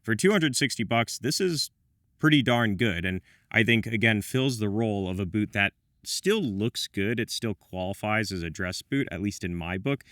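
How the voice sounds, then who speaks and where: A man's voice: lowish voice, expressive, normal speed, fairly bright tone, no echo, clean studio sound. A man giving a scripted product review with wry, self-deprecating asides. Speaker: menswear reviewer.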